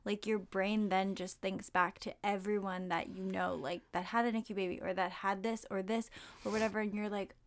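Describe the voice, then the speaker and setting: A woman co-hosting a podcast, sympathetic and quick to agree. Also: mid-range voice, flat delivery, slight background noise. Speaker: podcast co-host. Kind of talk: casual chat.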